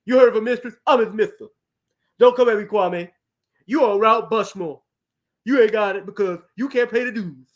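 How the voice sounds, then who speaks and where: A man doing a comic impression of a boastful older male TV sports pundit, taunting and loud. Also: high-pitched, moderate pace, close to an everyday voice. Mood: cocky taunting.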